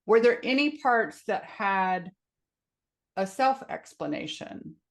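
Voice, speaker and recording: A woman leads a coaching session in a soft, measured voice, often pausing to slow things down. She sounds like she's on a video call, and her voice sits in an ordinary middle pitch. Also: animated. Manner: gentle, slow, guiding. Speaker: IFS coach.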